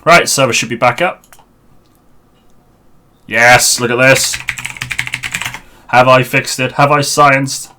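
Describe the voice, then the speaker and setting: A man's voice: medium pitch, steady tone, takes it slowly, long pauses, pushed and bright, slight background noise. A man streaming a game live, chatting and muttering to himself on a headset mic while he sorts out a server.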